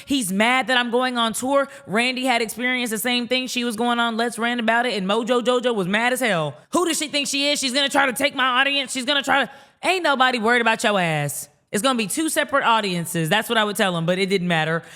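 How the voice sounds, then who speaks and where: A young adult woman podcaster telling a heated callout story to camera, rapid and indignant, acting out what others said. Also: a little high, pushed and bright. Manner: indignant, rapid storytelling, acts out quoted dialogue.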